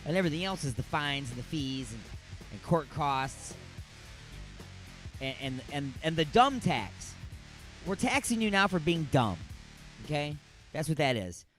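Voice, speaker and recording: A man's voice: fairly high pitch, expressive, moderate pace, long pauses, fairly bright tone, soft background music. A man hosting a radio show, giving a sarcastic, rambling comic rundown of odd news stories. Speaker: radio host.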